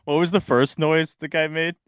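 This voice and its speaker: A young man co-hosting a casual sports podcast, excitable and swinging between loud bursts and quieter asides. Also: on the high side, moderate pace, smooth, no echo, clean studio sound. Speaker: podcast co-host.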